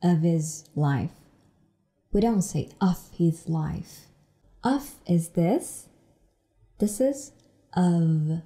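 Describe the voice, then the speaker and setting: Slow, mellow-voiced woman teaching English. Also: on the low side, lively intonation. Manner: slow, repeats phrases for learners. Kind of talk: explaining language lesson.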